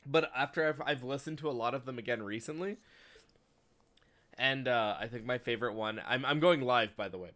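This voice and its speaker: A man's voice: medium pitch, brisk, a bit bright. A man hosting a game stream, chatting casually with a friend before going live and often breaking into laughter. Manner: laughs a lot and quotes meme songs in silly voices.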